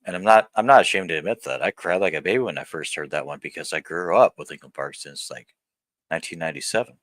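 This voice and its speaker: A deep-voiced man in his thirties vlogs straight to camera, blunt and profane. His voice is low but hard-edged and forceful, and the sound is dry and close. He rambles, stops and restarts as he talks. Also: fast, no echo. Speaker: vlogger. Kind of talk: candid personal vlog rant.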